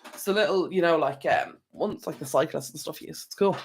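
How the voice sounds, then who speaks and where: Through an external microphone, a tired, yawning Irish man streams casually from home, rambling and chatting directly to his viewers as the channel host. His voice is on the high side, creaky and slightly rough, and fairly quick.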